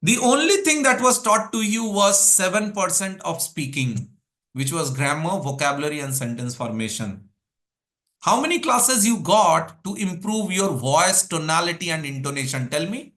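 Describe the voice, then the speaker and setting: High, bright-voiced coach. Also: male voice, moderate pace. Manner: energetic, drills points with rhetorical questions and lists. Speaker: English speaking coach. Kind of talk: live workshop teaching.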